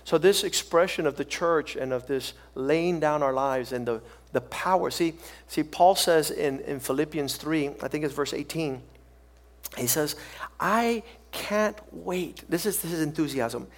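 A man preaching from the pulpit as a pastor. He talks in a loose, conversational way full of restarts and repeated words, then builds to fervent, loud, emphatic bursts. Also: on the high side, moderate pace, hardly any pauses. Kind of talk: preaching a sermon.

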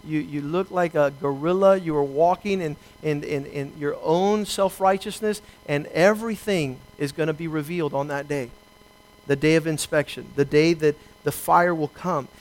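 Man pastor, high-pitched voice, preaching with emphatic slowed phrases and scripture readings. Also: poor audio. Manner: preaching with emphatic slowdowns, quoting scripture and acting out dialogue. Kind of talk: sermon.

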